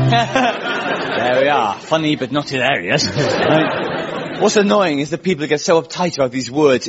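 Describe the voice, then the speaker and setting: A man from Wales hosting a comedy show, telling stories in a self-mocking, wry, chatty way before a live audience. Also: on the high side. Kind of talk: stand-up storytelling. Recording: muffled live audience recording with noise.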